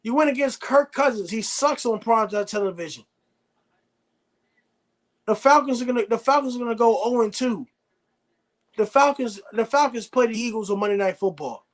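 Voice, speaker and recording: A man's voice: extremely high pitch, moderate pace, long pauses. A man hosting a live sports reaction stream, ranting bluntly and repeating himself. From United States. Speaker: sports show host.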